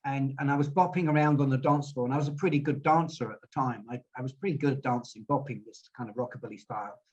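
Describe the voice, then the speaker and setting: A man's voice: mid-range voice, fairly even intonation, fast, slightly rough. Guy in his 60s rambling through old stories, kinda muffled lo-fi audio. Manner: rambling anecdotal storyteller, repeats words. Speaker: guest musician. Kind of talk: storytelling interview. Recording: dull lo-fi audio.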